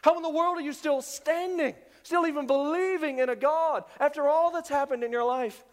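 Man preaching, high voice, dramatic swings from booming to whispered, long hall reverb. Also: normal speed. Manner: dynamic preaching, swinging from loud emphasis to hushed near-whispers. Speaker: pastor. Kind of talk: sermon.

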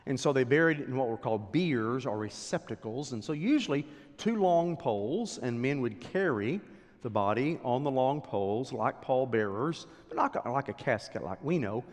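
A man's voice: medium pitch, expressive, moderate pace. Dramatic preacher man in a reverberant hall. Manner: dramatic swings from loud declarations to hushed whispers. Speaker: pastor. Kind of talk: sermon.

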